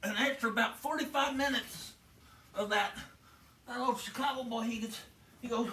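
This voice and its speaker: A man doing stand-up, telling a story slowly and with animation. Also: extremely high pitch, pushed and bright, echoey room, far from the mic. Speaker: stand-up comedian.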